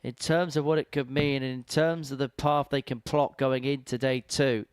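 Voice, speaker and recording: A man commentating live on a darts match, his voice lifting sharply when the action excites him. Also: mid-range voice, moderate pace, clean tone, no room sound.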